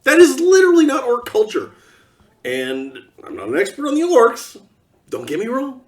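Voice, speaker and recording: A man's voice: very high voice, wildly swooping pitch, moderate pace, recorded from a distance. A man delivering an exasperated, sarcastic ranting monologue as a vlogger.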